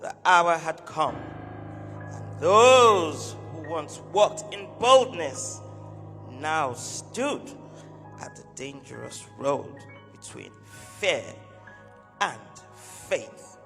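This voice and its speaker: Slow, grave male narrator. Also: on the high side, expressive, sharp tone. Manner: grave, dramatic. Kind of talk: solemn scripted narration. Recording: reverberant hall with music.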